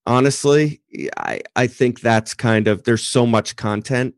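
A man co-hosting a podcast, chatting casually and tossing in quick examples. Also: mid-range voice, no room sound, studio quality. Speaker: podcast co-host. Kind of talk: casual chat.

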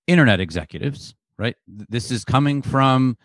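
A man's voice: mid-range voice, lively intonation, moderate pace, no echo. Emphatic man arguing on a podcast. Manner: emphatic, opinionated, argues points. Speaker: podcast co-host. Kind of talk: casual chat.

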